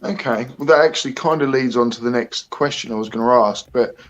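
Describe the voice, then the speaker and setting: A man's voice: mid-range voice, quick pace. Man hosting a chatty livestream. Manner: chatty, hesitant, greets viewers by name. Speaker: livestream host. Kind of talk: casual live-stream chat.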